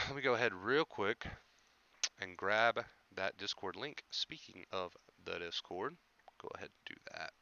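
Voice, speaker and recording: Young male stream host, bright crisp voice, dry slightly dull sound, reassuring and repetitive. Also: lowish voice, no room sound. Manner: repetitive, reassuring, greets viewers by name. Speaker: anxiety recovery coach and live-stream host. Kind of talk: casual live-stream talk.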